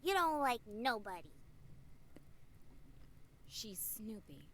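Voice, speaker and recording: A woman's voice: fairly high pitch, very animated, takes it slowly, a bit bright, slight background noise, full character voice. A woman voicing a tall, grumpy young woman with a New York accent in a game, blunt and curt. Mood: gruff.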